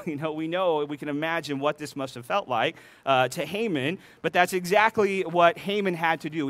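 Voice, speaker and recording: A man's voice: a little high, a bit bright, dry recording. A man preaching a sermon, retelling a scripture story with playful voiced dialogue between readings. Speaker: pastor.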